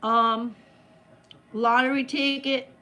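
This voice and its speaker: A woman with a high voice hosts a relaxed trivia game among friends. She reads each question and answer at an easy, drawn-out pace, teasing the players as she goes. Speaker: game host.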